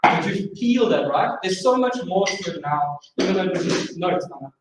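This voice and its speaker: High-voiced drum instructor in an echoey room. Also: male voice, lively intonation, moderate pace. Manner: encouraging, sings out rhythms with vocables. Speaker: drumming instructor. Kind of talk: live masterclass teaching. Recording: far-off mic, very echoey room, faint noise.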